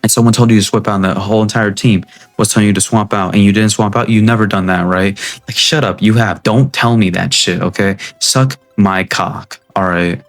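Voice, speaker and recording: A young man with a low voice rants about gaming in a blunt, cursing, rambling way. He keeps checking in with "right?" as he goes, talking straight to his viewers. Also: steady tone, a little fast, faint music behind. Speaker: gaming video creator. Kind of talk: casual gaming rant.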